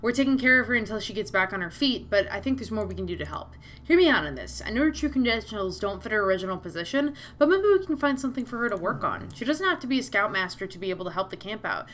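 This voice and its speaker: A woman playing a visual novel, reading all the characters' lines aloud and breaking off into excitable, gushing asides. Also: mid-range voice, quick pace, hardly any pauses, slight background noise. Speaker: let's-play streamer voicing all characters. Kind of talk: reading game dialogue aloud with commentary.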